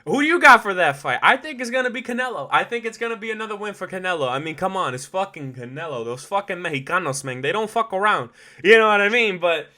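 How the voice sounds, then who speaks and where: A man's voice: sits high, fast talker. A man hosting a podcast, talking casually on his own with lots of swearing, slang and frequent laughter. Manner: animated, profane, slangy, laughs often. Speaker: podcast host. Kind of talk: casual solo commentary.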